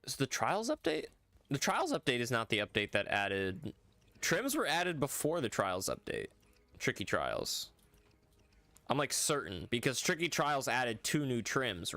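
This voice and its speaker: A male streamer chats loosely with his viewers while he plays. His talk rambles and is full of filler like "like" and "bro". His voice sits at a middling pitch, and the recording is dry with no room echo. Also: sing-song, unhurried, long pauses, pushed and bright. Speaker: game streamer. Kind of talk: casual livestream chat.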